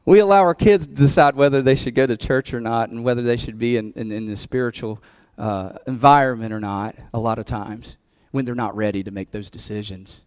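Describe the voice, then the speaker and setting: A man's voice: mid-range voice, a little fast, hardly any pauses, a little mellow, smooth, no room sound. A man preaching as pastor of his church, talking conversationally and laughing between points, building to emphatic peaks. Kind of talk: sermon.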